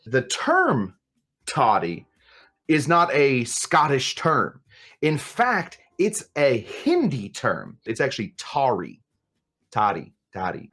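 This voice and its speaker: A man hosts a casual cocktail tutorial and jokes his way through it. He rambles and exaggerates for laughs in a middle-pitched voice. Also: fairly bright tone. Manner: joking, rambling, playfully exaggerated. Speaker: cocktail show host.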